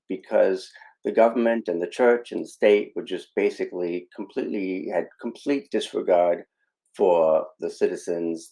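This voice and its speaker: Podcast guy breaking down a movie scene, very low voice, loose and chatty. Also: mellow, low-quality recording. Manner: casual, with fillers and explanatory asides. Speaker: podcast host. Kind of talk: film scene analysis.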